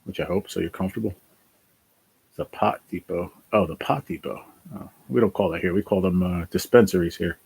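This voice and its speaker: Brief: weary New man, livestream host, gravelly and husky, casual and blunt. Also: low-pitched, fairly quick, a little mellow. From New Jersey. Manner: tired, sighing, swears casually. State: worn out. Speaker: livestream host reading chat.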